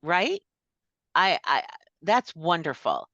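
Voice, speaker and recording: A woman's voice: lowish voice, big pitch swings, takes it slowly, no room sound, muffled recording. Chatty woman speaker, dry close sound. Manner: chatty, warm asides, frequent fillers. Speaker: speaker at a summit. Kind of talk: casual talk on a video call.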